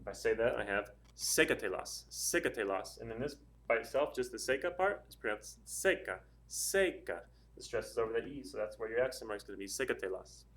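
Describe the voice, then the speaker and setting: A man's voice: medium pitch, quick pace, hardly any pauses. A man teaching a Spanish grammar lesson in a casual, patient way, working through examples one step at a time with frequent ums and uhs. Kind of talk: casual classroom explanation.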